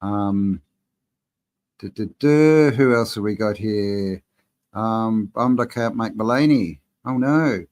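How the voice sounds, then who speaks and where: A man hosting a live-stream Q&A, talking in a relaxed, rambling way and reading out viewers' chat messages. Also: fairly low pitch, slow. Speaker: channel host answering live chat.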